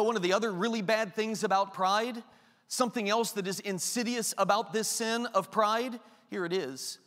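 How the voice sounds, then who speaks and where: A man's voice: high voice, fairly bright tone, long reverb tail. A man preaching a sermon as pastor, emphatic and repetitive, full of rhetorical questions.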